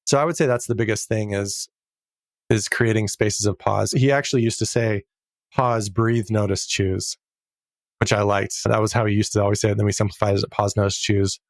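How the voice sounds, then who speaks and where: A middle-aged man talking as a podcast guest in a casual interview, earnest and reflective, slowing down to stress key words. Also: fairly low pitch, steady tone, gravelly, no room sound, clean studio sound.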